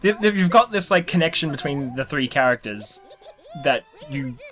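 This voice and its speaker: A man's voice: on the high side, lively intonation, moderate pace, a bit bright, soft background music. A man giving casual, joking commentary on a cartoon episode, laughing often and slipping into silly voices. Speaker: commentary co-host.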